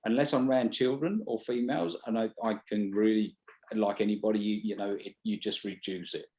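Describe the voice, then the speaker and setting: A British stage hypnotist speaks bluntly in a casual interview, swearing freely and often restarting sentences partway through. His voice is fairly low and warm, and he talks briskly.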